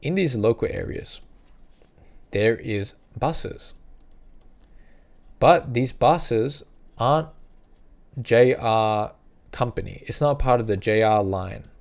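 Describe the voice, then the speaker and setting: A chatty man gives loose, rambling travel tips straight to the camera, with a gravelly edge to his voice. He sits at an everyday middle pitch, repeats himself often, and slips into a higher voice to act out little scenes. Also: measured pace, darkish tone. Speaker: travel vlogger. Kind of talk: casual advice to camera.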